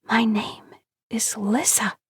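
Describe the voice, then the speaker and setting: A woman's voice: mid-range voice, unhurried, darkish tone, breathy edge, dry recording, clean studio sound. Woman voicing an innocent newborn AI girl. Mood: whispered. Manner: hesitant, childlike questions. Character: newly awakened young female AI, innocent and confused.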